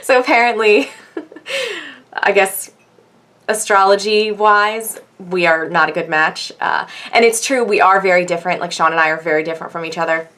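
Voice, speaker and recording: A woman's voice: moderate pace, a bit bright. A young pregnant woman chatting casually in a vlog, rambling with many fillers. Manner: rambling, with frequent fillers and laughs; acts out quoted people in a higher voice. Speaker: vlogger. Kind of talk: casual chat.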